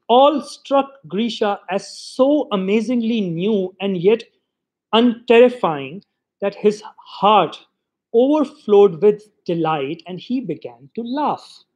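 Male literary reader, high register, expressive storyteller. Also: takes it slowly. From Pakistan. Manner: expressive storytelling, voices the quoted lines. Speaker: reader of short stories. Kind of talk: literary reading.

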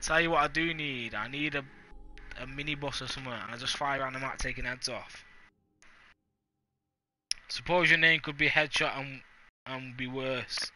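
A man's voice: medium pitch, moderate pace, pauses often, bright, forceful tone, faint music behind. A man streaming a video game live, hyped and boastful, trash-talking and joking with his chat. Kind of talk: live gaming stream banter.

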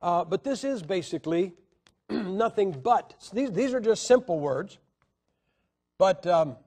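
A man teaching about Bible translations in an argumentative way, asking rhetorical questions and pausing on fillers. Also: high-pitched, expressive, dark tone. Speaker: preacher.

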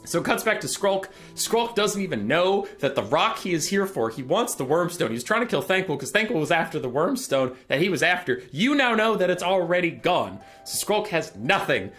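Animated sarcastic young guy retelling lore. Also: a little high. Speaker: video creator. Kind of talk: comedic lore recap.

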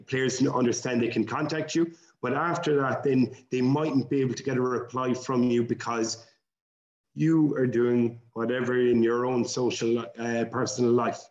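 A man, a coach on a webinar panel, giving measured, steady advice. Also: medium pitch. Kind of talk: calm discussion. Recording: roomy, dull video call audio.

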